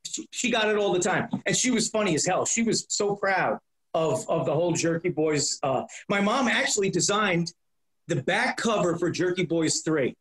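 A middle-aged comedian telling lively anecdotes in an interview, acting out the voices of the people in them and swearing freely. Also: male voice, high-pitched, normal speed. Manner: profane, acts out voices in anecdotes. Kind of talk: animated storytelling. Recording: roomy echo.

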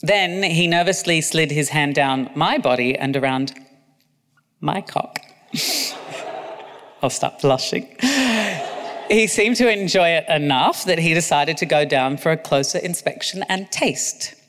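A man's voice: a little high, measured pace, long pauses, a bit bright, big-room sound. A man narrating his own memoir as an audiobook, with cheeky asides. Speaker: author reading own memoir.

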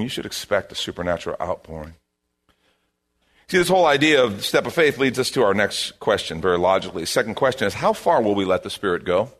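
A man preaching a sermon as a pastor, in an animated, conversational way, repeating his key phrases. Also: lowish voice.

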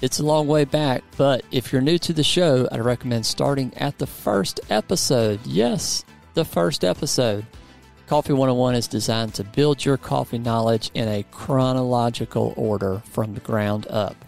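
A man's voice: medium pitch, normal speed, vocal fry, darkish tone, faint music behind. A man hosting a podcast in a studio, upbeat and playfully teasing his co-host in casual chat.

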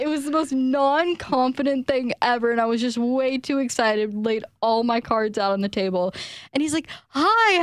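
A woman's voice: on the high side, no echo, clean studio sound. A young adult woman hosting a radio show, telling a story with laughter and acting out the lines she quotes.

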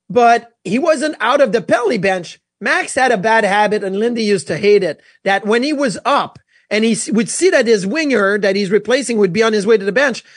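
A man, a former goalie co-hosting a casual sports talk show, telling animated stories with many restarts. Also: extremely high pitch, dry recording, clean studio sound. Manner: animated storyteller, lots of restarts.

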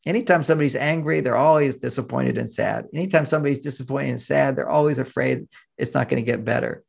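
Man from the US, gravelly tone, middle pitch, animated interview talk. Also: fast. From United States. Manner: animated, acts out quoted voices, chuckles. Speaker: relationship author and interview guest. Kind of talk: conversational interview explanation.

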